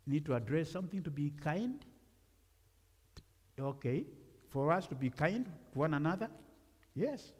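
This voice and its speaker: A man from Africa preaches as a guest speaker, his voice fairly high and mellow. He talks with the congregation in a conversational way and asks them questions. The sound carries a long reverb from the church. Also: animated, unhurried, pauses often, breathy edge. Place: church sanctuary.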